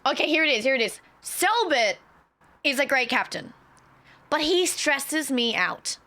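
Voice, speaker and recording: A woman streamer chatting casually to her viewers, excitable and swearing freely. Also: sits high, measured pace. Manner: excitable, swears a lot, talks straight to chat.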